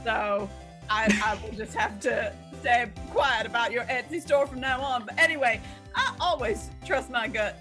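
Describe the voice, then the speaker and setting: Woman playing a loud nosy southern lady reporter type, high bright twang, pushy and stubborn, game fan dub. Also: unhurried, soft background music. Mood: brash. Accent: put-on American Southern. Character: brash nosy female photographer with a southern twang. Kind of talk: fan voice acting of a game playthrough.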